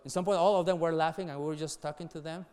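A middle-aged man preaching earnestly to young people, laughing softly between points and repeating words as he goes. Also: fairly high pitch, fairly even intonation, rapid-fire, clean tone. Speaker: youth pastor.

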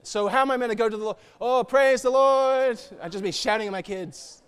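A man giving an animated sermon, swinging from soft to shouting and acting out quoted voices. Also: high voice, racing, clean tone. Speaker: church speaker.

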